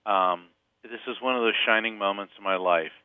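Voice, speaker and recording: A man from Central Florida telling a personal story as a podcast guest, lively and acting out the voices in it. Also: fairly low pitch, a little fast, clear, resonant tone, no room sound. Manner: animated storyteller, acts out quoted voices. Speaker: psychic medium and author, podcast guest. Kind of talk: storytelling interview. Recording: phone-line sound, dry.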